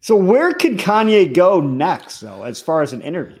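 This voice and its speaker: A man's voice: sits high, sing-song, normal speed, a little mellow. A man in casual podcast talk, often hesitating and trailing off. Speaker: podcast guest.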